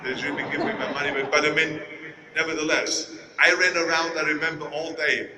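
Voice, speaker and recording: A man's voice: on the high side, level tone, brisk, recorded from a distance, background noise. A man in his sixties with an Austrian accent giving an emphatic motivational speech in a large arena, telling stories and mimicking doubters. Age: 60s. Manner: emphatic storytelling, mimics naysayers. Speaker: keynote speaker. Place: large indoor sports arena. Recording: echoey arena, voice from afar.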